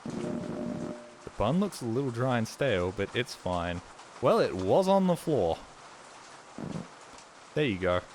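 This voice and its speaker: Deep-voiced crude, joking male streamer. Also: a little hiss or hum. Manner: crude, rambling, self-mocking humor. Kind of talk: casual gameplay commentary.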